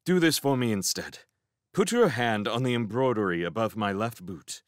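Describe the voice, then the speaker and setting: A man voicing an urgent, commanding young male merchant in chains, in a storybook reading, speaking in brisk instructions. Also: lowish voice, animated, no echo, clean studio sound, lightly acted. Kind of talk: storybook character voice.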